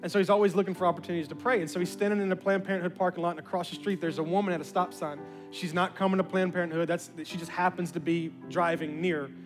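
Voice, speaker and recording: A man's voice: high-pitched, quick pace, hardly any pauses, over music. A man pastor telling a story in a sermon, acting out the voices of the people in it. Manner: animated, acts out quoted voices.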